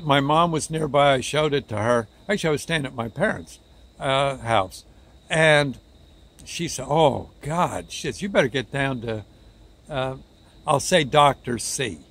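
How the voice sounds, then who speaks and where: A man telling a personal story casually, halting and restarting his words as he goes. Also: mid-range voice, a bit bright.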